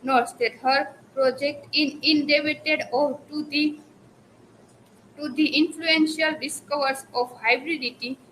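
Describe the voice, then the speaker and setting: A young woman with an Indian English accent gives a classroom presentation, stopping and restarting her words. Her voice sits high and sounds bright. Faint background noise runs under the recording. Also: low-quality recording. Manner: hesitant, frequent restarts and fillers. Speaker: student presenter.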